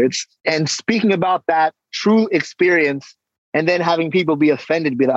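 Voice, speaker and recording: A man guest on an interview, casually telling stories and acting out exchanges with lively energy. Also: fairly high pitch, moderate pace, no echo, highs cut off. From San Diego, California. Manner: animated storytelling, acts out exchanges. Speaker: guest, hip-hop artist and coach.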